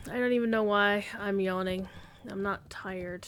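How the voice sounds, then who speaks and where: A woman's voice: medium pitch, fairly even intonation, a little slow, gravelly, fairly bright tone, a little hiss or hum. A woman streaming a game, chatting casually and rambling as she thinks aloud. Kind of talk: casual gaming stream chat.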